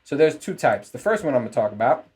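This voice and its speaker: A man's voice: medium pitch, very animated, fast talker, darkish tone, slightly rough, soft background music. Profane rambling man ranting on his podcast. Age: adult parent. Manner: profane, rambling, frequent laughs. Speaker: podcast host. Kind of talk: casual solo podcast rant.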